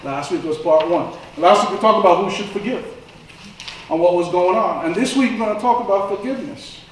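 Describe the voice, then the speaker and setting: A man's voice: high voice, a little fast, slight background noise. A man preaching a sermon, telling stories in a conversational way that builds to impassioned moments. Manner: conversational storytelling, rising to impassioned. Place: church sanctuary. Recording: echoey church room from far off.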